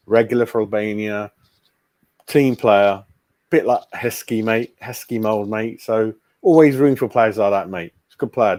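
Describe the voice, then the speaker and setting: A man's voice: medium pitch, no echo. Casual male host, blunt rambling chat, dry close mic. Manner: blunt, chatty, keeps saying mate. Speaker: fan channel host. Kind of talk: casual live-stream chat.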